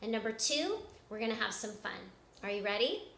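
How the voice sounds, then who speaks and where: A woman leading a yoga lesson for children, giving slow, gentle, sing-song instructions. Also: mid-range voice, sing-song, vocal fry, slight background noise. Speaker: kids yoga teacher. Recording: echoey room, voice from far off.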